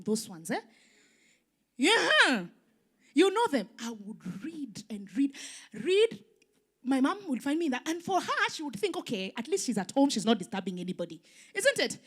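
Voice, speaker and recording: Woman, Kenyan accent, young adult, pastor, sermon storytelling, animated, husky voice. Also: on the high side. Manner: animated storytelling, swinging from loud to hushed. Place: church hall.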